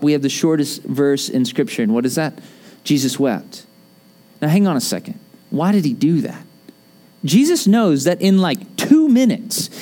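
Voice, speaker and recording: A man with a fairly high voice preaches a sermon the way he would talk to friends. He is chatty and quick with jokes, and his delivery stays animated. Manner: conversational, joking, animated. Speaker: pastor.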